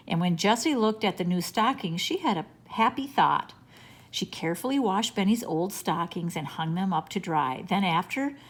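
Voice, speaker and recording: A woman reading a children's chapter book aloud in a gentle, unhurried storytelling manner. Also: mid-range voice. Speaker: reader.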